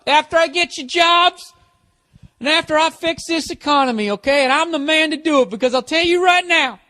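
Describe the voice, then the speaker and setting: A man mimicking a blustering, boastful male presidential candidate giving a shouted stump speech. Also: extremely high pitch, brisk, pitched above the performer's own voice.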